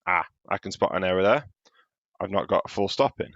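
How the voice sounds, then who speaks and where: A man's voice: deep voice, brisk, gravelly, a bit bright, no room sound, highs cut off. A man teaching a primary class in a recorded home-learning lesson, patiently explaining step by step as he checks his own writing.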